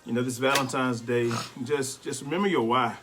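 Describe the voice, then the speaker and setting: A middle-aged man, a bishop, giving plainspoken, relaxed marriage advice in casual conversation. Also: medium pitch, a little fast, background noise. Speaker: bishop, co-host.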